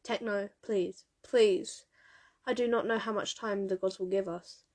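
An anguished immortal king and father, read by a woman, earnest and begging. The voice stays close to the reader's own mid-pitched tone in a storybook reading. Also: steady tone, unhurried, a little mellow, natural voice. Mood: pleading. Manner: earnest, pleading. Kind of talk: audiobook character reading.

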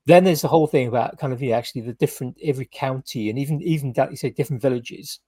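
A man's voice: medium pitch, very fast, mellow, slightly rough, no room sound. A British man co-hosting a podcast, telling rambling anecdotes in casual chat with lots of fillers and restarts. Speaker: podcast co-host.

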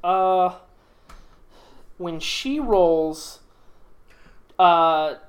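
A man's voice: sits high, lively intonation, very slow. A man in casual chat recalling a movie plot, hesitant and full of restarts, laughing along.

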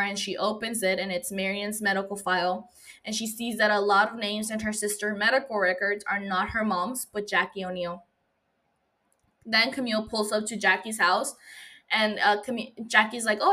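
A woman podcast host recapping a TV episode in casual chat, reacting with lively, profane outbursts. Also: mid-range voice. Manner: animated, profane, gushing reactions.

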